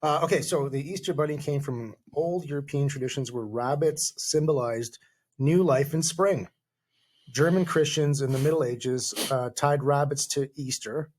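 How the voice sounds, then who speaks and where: Brief: male podcast co-host, casual chat, halting delivery full of fillers. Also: on the high side. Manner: reads facts aloud haltingly, with many fillers.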